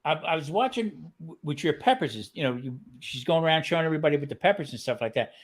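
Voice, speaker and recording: Older male co-host, rambling anecdotes, animated pitch, slightly high voice. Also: quick pace. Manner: rambling storyteller, jokey. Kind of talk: casual chat.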